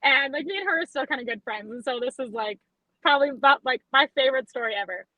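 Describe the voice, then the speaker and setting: Young woman guest, high bright voice, chatty and foul-mouthed storyteller, dry close sound. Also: fast talker, dry recording, low-quality recording. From Alberta, Canada. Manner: chatty, profane, animated storyteller. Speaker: podcast guest, western photographer. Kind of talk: casual chat, storytelling.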